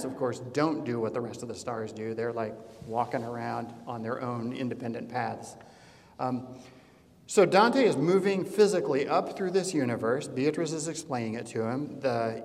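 Man lecturing with hall reverb. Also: mid-range voice. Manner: conversational, digressive, many fillers. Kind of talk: classroom lecture.

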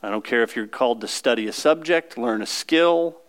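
A man preaching to a congregation in an easy, conversational way. His voice sits at an ordinary middle pitch, and he keeps checking in with his listeners through quick questions. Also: expressive, clear, resonant tone. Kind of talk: sermon.

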